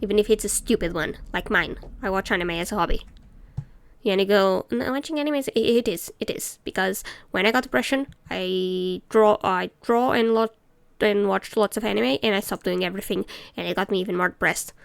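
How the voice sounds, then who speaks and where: A woman's voice: mid-range voice, fairly even intonation, brisk, gravelly, smooth, no room sound. A woman streamer chatting casually and ranting while she reads game text aloud. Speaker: let's play streamer.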